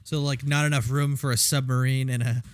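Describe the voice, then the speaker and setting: A man's voice: mid-range voice, little pitch movement, brisk, no echo. A man co-hosting a podcast, adding dry, self-mocking jokes in casual chat about a movie. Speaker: podcast co-host.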